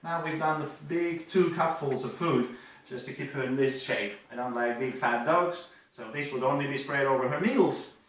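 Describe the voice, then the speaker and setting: A man's voice: mid-range voice, moderate pace, fairly bright tone. Echoey, distant male dog trainer. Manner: short firm commands mixed with frequent praise. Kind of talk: live dog-training demonstration with commentary. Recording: very echoey, distant mic, clear background noise.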